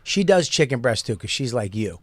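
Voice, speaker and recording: A man's voice: medium pitch, big pitch swings, brisk, dry recording. A man co-hosting a podcast, trading crude jokes in rambling casual banter. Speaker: podcast co-host.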